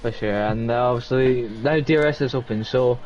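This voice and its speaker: A man co-commentating a sim race in a loose, halting way, full of likes and uhs. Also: mid-range voice, steady tone, darkish tone. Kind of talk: live esports race commentary. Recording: dull lo-fi mic with faint noise.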